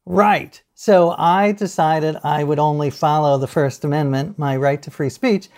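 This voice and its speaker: A middle-aged man telling anecdotes as a podcast guest, animated, laughing easily and acting out what people said. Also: a little high, a little slow. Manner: animated storyteller, laughs often, acts out quotes. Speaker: guest author. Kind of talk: casual podcast interview.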